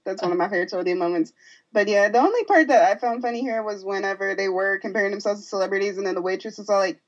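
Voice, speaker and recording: A woman's voice: mid-range voice, very fast, highs cut off. A woman co-hosting a podcast, chatting bluntly and mockingly about wrestling. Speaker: podcast co-host. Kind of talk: casual wrestling chat.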